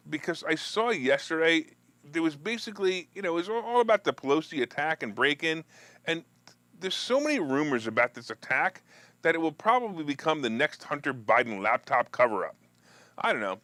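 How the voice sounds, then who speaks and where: A very animated man hosts a live stock market show about finance and politics, talking fairly quickly in a bright, forceful voice on a dry recording. He banters and jokes with viewers amid restarts and asides, mocking opponents with a whiny high-pitched impression.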